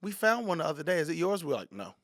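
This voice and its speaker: A man with a fairly high voice tells comic stories in a relaxed podcast chat. He jumps into quick impressions of cats and people, bursting into laughter as he goes. The sound is dry and close, with no room in it. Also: no echo. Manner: animated storytelling, acts out voices. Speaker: podcast guest comedian. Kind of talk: casual comedic chat.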